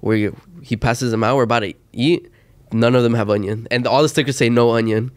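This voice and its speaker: A man's voice: mid-range voice, steady tone, fairly quick, smooth. A man co-hosting a podcast, telling a story in a laid-back way and quoting his friends. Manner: laid-back narrating, quotes friends, frequent "bro". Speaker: podcast co-host. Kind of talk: casual storytelling among friends.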